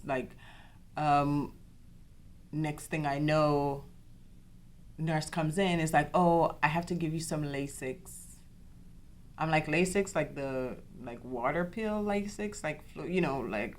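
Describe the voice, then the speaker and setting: Podcast host, young woman, low-pitched, emphatic, personal storytelling. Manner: animated, quotes others in dialogue, repeats herself.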